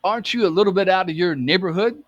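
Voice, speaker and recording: A man's voice: high voice, quick pace, no echo, muffled recording, pitched above the performer's own voice. A man voicing a sarcastic young man taunting a nervous teenager, with a mocking drawl.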